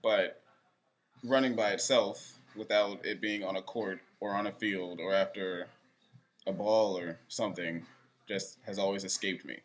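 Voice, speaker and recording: Rambling young man, low-pitched. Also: steady tone, unhurried. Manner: rambling, self-deprecating. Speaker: vlogger. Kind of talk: casual direct-to-camera vlog. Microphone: camera facing speaker.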